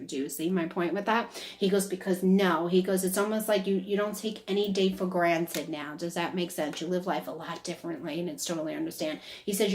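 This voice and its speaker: A woman doing a one-on-one psychic medium reading. She talks chattily, relays messages as quoted speech and keeps asking whether things make sense. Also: medium pitch. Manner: chatty, keeps checking in with questions.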